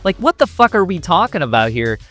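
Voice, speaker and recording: A man's voice: sits high, very animated, a little fast, a bit bright, soft background music. A man giving a profane, mocking reaction commentary, laughing between insults. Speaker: commentary youtuber.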